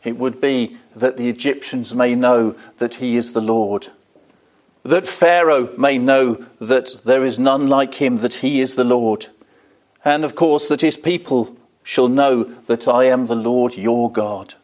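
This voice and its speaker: A man's voice: medium pitch, fairly even intonation, measured pace, darkish tone. An older man preaching an evening sermon in an earnest way, asking rhetorical questions and rising on key words.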